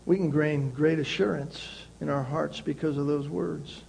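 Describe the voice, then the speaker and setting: A male pastor preaching a sermon, emphatic and repeating key phrases, with swings between loud passages and quiet ones. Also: on the high side, steady tone, normal speed, gravelly, a little hiss or hum, low-quality recording.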